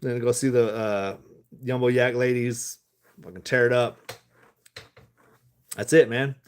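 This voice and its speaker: A man's voice: mid-range voice, fairly even intonation, unhurried, clear, resonant tone. Profane rambling American man. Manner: loose, profane, laughing asides. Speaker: stock-talk vlogger. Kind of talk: rambling live stream chat.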